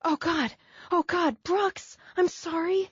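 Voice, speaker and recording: A woman's voice: fairly high pitch, a little mellow, slightly rough, no room sound, muffled recording, pitched above the performer's own voice. Woman doing a frantic, apologetic young woman. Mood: panicked. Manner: breathless, apologetic, rapid. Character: frightened, guilt-struck young woman, precise and clinical.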